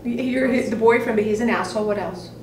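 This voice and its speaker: A woman's voice: on the high side, fast talker, noisy background. A woman acting coach giving scene notes to an actor in an acting studio, animatedly acting out lines as she explains. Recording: echoey room, far from the mic.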